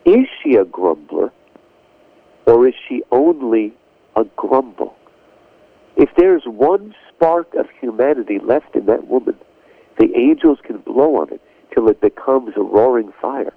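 A calm, grave old male guide, as a man quotes him in a slow, solemn way. The sound is thin and phone-like, close and dry. The pitch still moves with lively stresses. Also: no echo. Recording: phone-line call on radio, dry.

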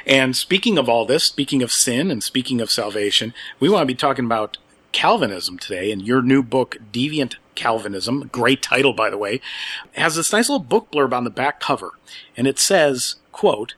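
Male show host, folksy and joking, middle pitch, dry studio sound. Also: animated, moderate pace, a bit bright, husky, no echo. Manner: jokey, folksy, playful asides. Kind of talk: radio interview hosting.

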